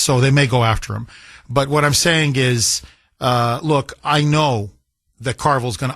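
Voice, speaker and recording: A man's voice: medium pitch, a bit bright, no echo. Emphatic talk-radio host man, dry sound. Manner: emphatic, confessional, repeats phrases for effect. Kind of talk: political talk radio monologue.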